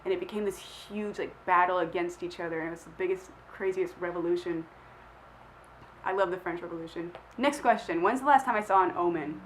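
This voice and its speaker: A woman's voice: lowish voice, fairly quick, poor audio. A young woman vlogger talks through a list of questions in a loose, rambling way, filling her sentences with "like" and laughing at herself. She sounds a little sick, and a faint hum of the room sits behind her voice. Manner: rambling, self-deprecating, lots of "like" fillers. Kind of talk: casual chat.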